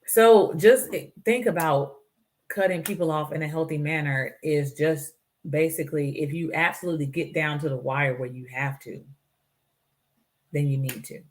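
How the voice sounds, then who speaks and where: A woman's voice: low-pitched, steady tone, moderate pace, a little hiss or hum. A woman hosting her own show, giving earnest, preachy life advice and acting out the voices of people she quotes. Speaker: show host. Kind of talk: motivational talk.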